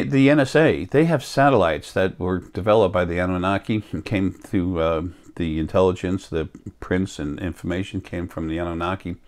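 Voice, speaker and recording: A man talking in a slow, rambling monologue to his viewers, sick and coughing now and then. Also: low voice. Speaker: vlogger. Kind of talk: casual monologue.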